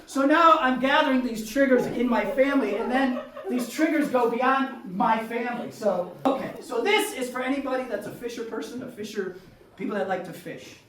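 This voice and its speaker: A New man performing solo stand-up, his voice bright and leaping up and down in pitch as he acts out his relatives. He sounds a little distant, caught in an echoey theater room rather than close to the mic. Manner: animated, shouting punchlines, acting out relatives. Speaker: stand-up comedian. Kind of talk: solo comedy storytelling on stage. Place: comedy theater stage.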